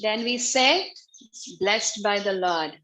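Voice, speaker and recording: A woman giving a religious class over a video call, explaining slowly and patiently, often repeating her phrases. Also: mid-range voice, fairly bright tone, slight background noise, rough recording. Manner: slow, repetitive, patient explaining. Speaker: spiritual teacher.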